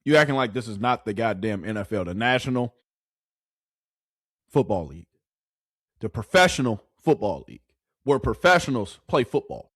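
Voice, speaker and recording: A man's voice: fairly low pitch, big pitch swings, normal speed, long pauses, fairly bright tone, no echo, studio quality. A man giving casual sports reaction commentary, heated and mocking, with plenty of profanity.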